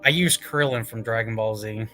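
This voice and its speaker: A man hosting a casual comic review chat, excitable, laughing often and swearing casually. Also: on the low side, normal speed, faint music behind.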